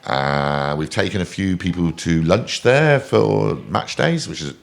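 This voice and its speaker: A man, a podcast guest and company chairman from England, chatting casually in a studio and telling animated, laugh-filled anecdotes. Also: sits low, unhurried, gravelly. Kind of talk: casual storytelling chat. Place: recording studio.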